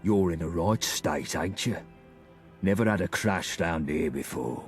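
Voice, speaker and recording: Brief: sly London gang boss, very low husky drawl, played by a man, faint music behind. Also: expressive, a little slow. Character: smooth-talking male London gang leader.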